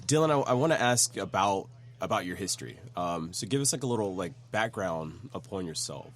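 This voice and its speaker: A man's voice: low voice, expressive, moderate pace. Upbeat man hosting a podcast. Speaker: podcast host.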